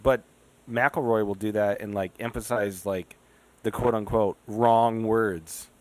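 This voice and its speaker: A man's voice: lowish voice, fairly even intonation, a little slow, no echo. A man casually explaining a point about a novel, padding with fillers as he searches for words. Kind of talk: casual book discussion.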